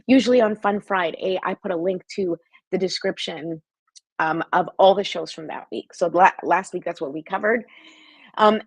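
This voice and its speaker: A woman's voice: lowish voice, breathy edge, no room sound, rough recording. A woman hosting a live-streamed motivational talk as a life coach, chatty and encouraging as she talks straight to her viewers.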